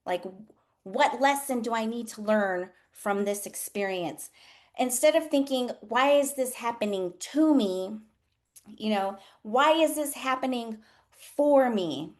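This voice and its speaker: A woman's voice: a little high, a little slow. A woman nurse coach hosting a casual livestream, frank and profane, laughing often as she talks. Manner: animated, voices others in quotes. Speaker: nurse coach and live session host.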